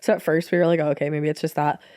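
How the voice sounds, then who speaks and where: A woman's voice: low-pitched, flat delivery, racing, warm tone, dry recording, studio quality. Woman in her twenties with a congested voice. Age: 20s. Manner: chatty, rambling, self-deprecating. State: congested, coughing from allergies and asthma. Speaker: podcast co-host. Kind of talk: casual chat.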